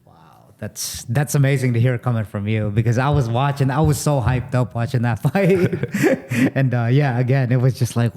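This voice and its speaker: A man's voice: mid-range voice, normal speed, dark tone. Guy host asking questions, kinda rambly, lots of um and you know. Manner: rambling questions with fillers and restarts. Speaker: interviewer, host. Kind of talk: casual interview questions.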